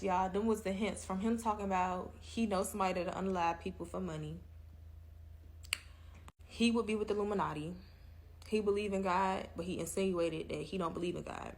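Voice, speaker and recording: A woman, telling a creepy dating story in a casual, animated, profane way and talking straight to her listeners. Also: mid-range voice, gravelly. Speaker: storyteller in a reaction clip.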